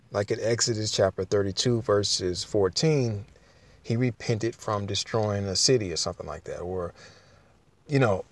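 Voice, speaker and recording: A man's voice: lowish voice, a little mellow. A man giving an informal Bible teaching, talking it through with frequent restarts and reading King James verses aloud. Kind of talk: informal sermon with scripture reading.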